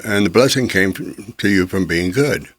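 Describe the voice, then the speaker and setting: An older man hosting a chatty interview, reminiscing and quick to agree. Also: sits low, no room sound. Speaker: podcast host, interviewer. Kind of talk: casual interview conversation.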